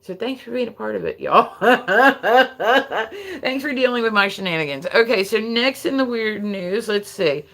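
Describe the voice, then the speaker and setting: A live streamer with a New Jersey accent chats casually into a phone, cursing freely and rambling from one tangent to another. The medium-pitched voice is expressive, unhurried, a bit bright, and has some vocal fry.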